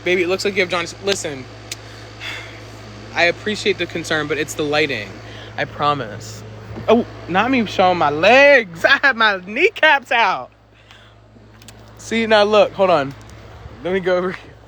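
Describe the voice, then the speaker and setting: A man's voice: high voice, lively intonation, normal speed, pauses often, pushed and bright, slight background noise, rough recording. A man chatting casually on a live stream, reading viewer comments and teasing back, a little winded.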